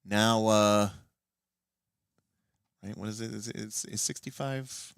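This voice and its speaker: A man hosting a late-night livestream and explaining tabletop game rules as a game master, animated and often restarting his sentences. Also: fairly low pitch, takes it slowly, creaky, clear, resonant tone, no room sound, studio quality.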